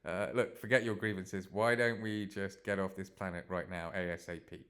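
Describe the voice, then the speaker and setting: An eager young woman reporting from a starship, voiced by a man. She talks in a chatty, slightly nervous way, and the voice stays fairly low. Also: little pitch movement, moderate pace, a bit bright.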